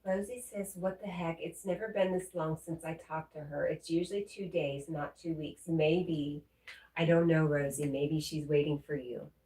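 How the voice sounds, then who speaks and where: A woman hosting a livestream, reading viewers' messages aloud and answering them in a gentle, comforting way. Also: deep voice, fairly even intonation, moderate pace. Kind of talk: casual livestream chat. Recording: roomy echo, mic at a distance.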